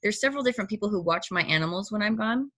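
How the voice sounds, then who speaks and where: A middle-aged woman telling a personal story in casual chat, animated and often acting out her own reactions. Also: mid-range voice, racing.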